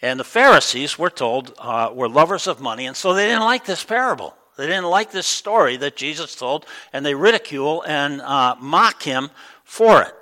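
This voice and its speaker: A middle-aged man preaching a sermon in a relaxed, conversational way, with many ums and uhs. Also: on the high side, normal speed, rough recording. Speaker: pastor.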